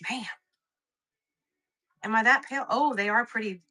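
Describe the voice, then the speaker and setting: A young woman selling quilting supplies on a live stream chats casually and laughs at herself often. Her high voice is animated and pushed and bright, at normal speed with frequent pauses. She comes across as chatty and self-mocking.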